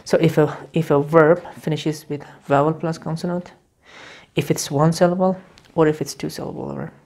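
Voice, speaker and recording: A woman's voice: low voice, fairly even intonation, creaky, a little mellow. A woman teaching English grammar in a video lesson. She repeats key words over and over and explains step by step, with frequent restarts. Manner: halting, with restarts and fillers while explaining.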